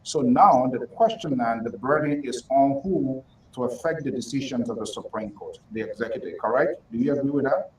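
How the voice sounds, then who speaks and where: A man's voice: medium pitch, lively intonation, moderate pace, few pauses, a little mellow, distant mic, slight background noise, rough recording. A man hosting a political talk show, interrupting and pressing his guests hard for direct answers.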